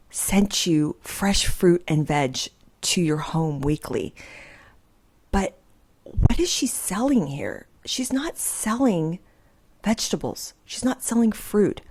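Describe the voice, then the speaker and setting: Chatty, animated middle-aged woman vlogger. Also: on the low side. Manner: giggly, chatty and animated, breaks into laughter. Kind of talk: casual commentary vlog.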